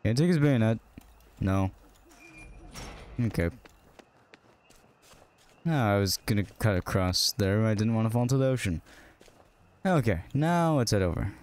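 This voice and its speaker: A man's voice: fairly low pitch, lively intonation, normal speed, pauses often, a little mellow. A male streamer muttering sarcastic, casual commentary while playing a game.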